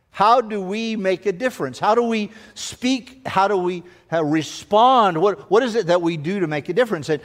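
A man preaching a sermon as pastor, emphatic and driving his points home with rhythmic repetition. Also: sits high. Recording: long hall reverb of a large church.

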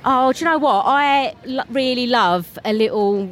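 A woman's voice: fairly high pitch, normal speed, slight background noise. A woman with a Cockney accent, tired straight off stage, chatting as an interview guest in a scattered way and laughing often. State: tired, fried after a show. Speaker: theatre performer and interview guest. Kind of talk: casual interview chat. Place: festival venue straight after a show.

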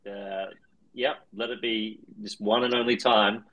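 A man's voice: fairly low pitch, flat delivery, a little slow, a bit bright, lo-fi sound. A man co-hosting a podcast in casual chat, joking and teasing the others. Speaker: podcast co-host.

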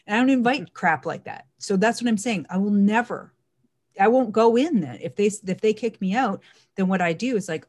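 A woman speaking in a casual monologue, emphatic and animated, often repeating words for stress. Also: medium pitch, normal speed.

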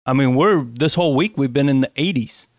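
A man co-hosting a casual talk show, chatting in a relaxed, rambling way with lots of fillers. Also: medium pitch, fairly quick, no echo, clean studio sound. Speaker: podcast co-host. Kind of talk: casual chat.

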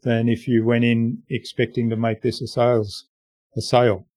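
A man's voice: medium pitch, flat delivery, normal speed, mellow, dry recording. A man hosting a podcast interview, summarizing points and asking follow-up questions. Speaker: podcast host. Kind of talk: interview chat.

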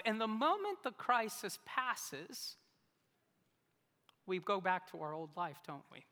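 Lively male preacher telling a story. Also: high voice, takes it slowly, big-room sound. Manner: humorous storytelling, self-mocking. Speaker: pastor. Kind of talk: sermon.

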